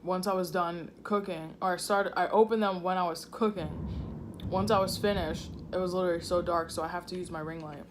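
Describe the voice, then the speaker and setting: Woman, low-ish voice, casual eating chat, slangy, at home, faint storm behind. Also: fairly even intonation, brisk, noisy background. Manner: chatty, slangy, talks between bites. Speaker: mukbang vlogger. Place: home room indoors. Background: faint thunderstorm.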